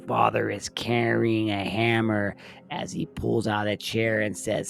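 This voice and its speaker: Slow gravelly male recap narrator. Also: on the low side, little pitch movement, soft background music. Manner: plain step-by-step retelling. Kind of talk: film plot recap narration.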